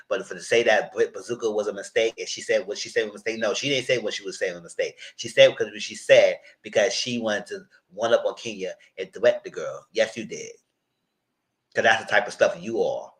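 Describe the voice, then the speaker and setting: A man's voice: lowish voice, low-quality recording. Outspoken man ranting a TV recap. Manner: animated, outspoken, heavy slang. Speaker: reality TV commentator. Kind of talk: live recap chat.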